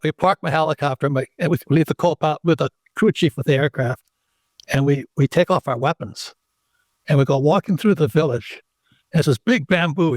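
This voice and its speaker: An older man spins a rambling anecdote as an interview guest, his voice sitting a little high for a man and jumping higher when he acts out the people in his story. The recording is dry and close, with no room sound. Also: dry recording. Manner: animated anecdote teller who acts out the people in his stories.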